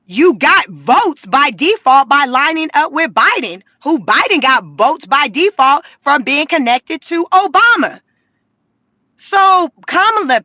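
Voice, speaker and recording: A high-voiced woman delivers a blunt, mocking rant full of profanity. Her tone is bright and cutting, recorded close and dry inside her car. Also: dry recording. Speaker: vlogger. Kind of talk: casual commentary rant.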